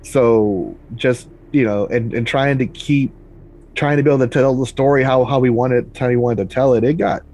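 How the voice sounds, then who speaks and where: A man guest on a podcast, a filmmaker telling about a shoot in a rambling, halting way. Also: medium pitch, steady tone, a little mellow. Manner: rambling, many fillers and restarts. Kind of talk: casual interview chat.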